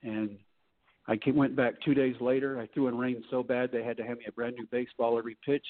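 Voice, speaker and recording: A man's voice: medium pitch, little pitch movement, brisk. Folksy storytelling man on a tinny line. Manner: folksy, acts out quoted voices. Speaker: guest. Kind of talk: storytelling in a podcast interview.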